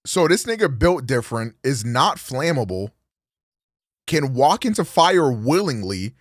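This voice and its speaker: Animated, profane streamer reacting. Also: male voice, mid-range voice, measured pace, no room sound, clean studio sound. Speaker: streamer host. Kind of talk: casual reaction commentary.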